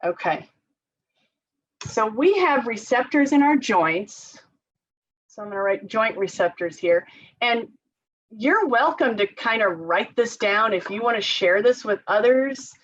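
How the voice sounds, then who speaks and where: Her voice sits a little high, with lively intonation and a measured pace. She's an occupational therapist leading an informal training talk for parents, chatty and quick to laugh, with group exercises done to chanting. Audio is lo-fi and a bit dull.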